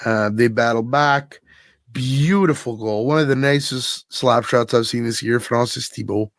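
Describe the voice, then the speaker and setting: Speaking a little slowly in a middle register, a podcast host chats casually about his weekend, lively and relaxed, with bursts of laughter. There's no room echo; the sound is dry.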